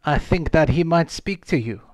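A man voicing a solemn woman voodoo priestess with a put-on slight French-Caribbean accent, speaking slowly and gravely in a tabletop game. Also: on the high side, expressive, no echo, voice pushed up, close to an everyday voice. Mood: stern.

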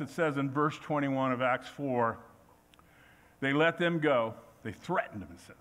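Male pastor preaching in church; animated, plays out quotes, voice a bit high. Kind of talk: sermon.

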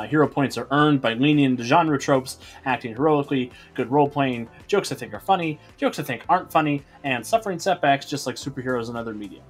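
A man hosting and running a tabletop role-playing game stream, upbeat and chatty with a fondness for puns. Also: mid-range voice. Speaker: game master.

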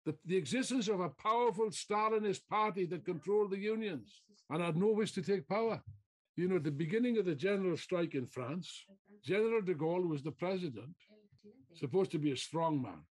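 A man delivers a fiery political speech in a fairly high voice. He hammers his points with repeated phrases and rhetorical questions, and now and then mocks his opponents with a put-on voice. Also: fairly quick. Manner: mocking mimicry of opponents. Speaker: political speaker.

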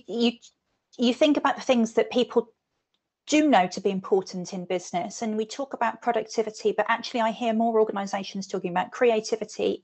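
A woman's voice: mid-range voice, darkish tone. A woman guest talking casually and thoughtfully, feeling her way through ideas. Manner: thoughtful, searching for words with fillers. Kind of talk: casual conversation.

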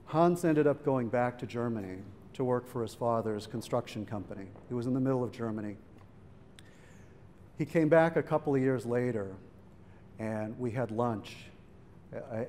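Middle-aged man, public talk, mellow low voice, conversational storytelling, reverberant hall, faint background noise. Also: moderate pace. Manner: conversational, acts out quoted voices. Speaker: speaker. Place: museum event hall.

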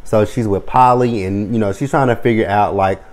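A man's voice: on the low side, fairly even intonation, moderate pace. A man in his thirties casually recapping a TV episode, swearing freely and acting out the characters' lines. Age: 30s. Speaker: TV episode reviewer.

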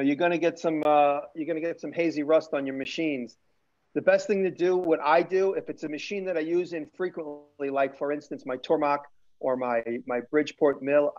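Man with a slightly high voice, rambling. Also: a little mellow. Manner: rambling, frequent restarts and fillers. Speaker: show host and maker. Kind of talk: casual live-stream chat. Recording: lo-fi stream audio.

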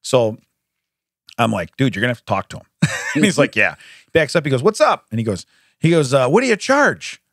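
Animated laughing man telling a story. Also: mid-range voice, fairly quick, long pauses, dry recording, studio quality. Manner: animated, laughing often, acts out quoted voices. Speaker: podcast co-host. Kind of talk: casual storytelling chat. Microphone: studio microphone.

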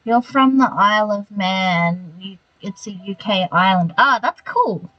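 A woman's voice: medium pitch, animated, unhurried, dry recording, dull audio. Chatty Australian woman streaming a game. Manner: chatty, muttering reactions to the game, laughs easily. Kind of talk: casual gameplay chat with live viewers.

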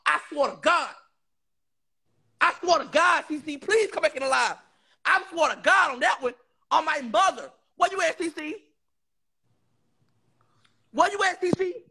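A man's voice: very high-pitched, brisk, vocal fry, pushed and bright. A man on a livestream call, insisting and swearing oaths as he defends himself. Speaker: live stream guest. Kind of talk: heated livestream argument.

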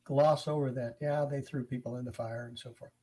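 A man's voice: mid-range voice, steady tone, brisk, a crowd in the background, poor audio. An older man hosting a conversational interview, speaking emphatically and repeating phrases for stress. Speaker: interview host.

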